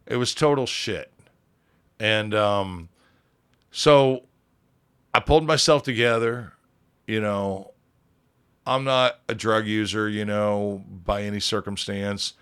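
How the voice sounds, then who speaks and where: A man's voice: on the low side, steady tone, slow pace, long pauses, fairly bright tone, clear, resonant tone. A man, a band leader on a podcast, telling a rambling, profane story in casual chat and acting out quoted dialogue.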